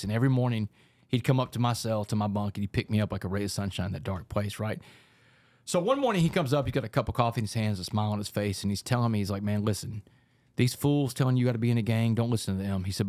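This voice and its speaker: A man, a guest on a podcast, telling his life story in a lively, animated way and often saying "man". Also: fairly low pitch, no echo. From Texas, United States. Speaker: podcast guest, author and speaker. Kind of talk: storytelling in a casual podcast interview.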